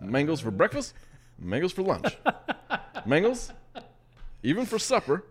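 A man's voice: fairly high pitch, huge pitch swings, a little slow, slightly rough, pitched above the performer's own voice, heavily acted. A man doing a jokey impression of a well-known male president, sing-song and playful.

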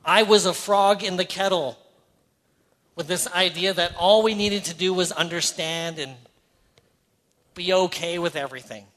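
A man's voice: high voice, fairly bright tone. A middle-aged Canadian man preaching a sermon, earnest and conversational with playful asides. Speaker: pastor. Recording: hall reverb.

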